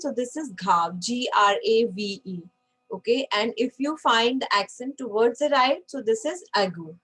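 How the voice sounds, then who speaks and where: Woman, patient online language teacher, slightly high pitch. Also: low-quality recording. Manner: patient, checks in with frequent okays. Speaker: French teacher.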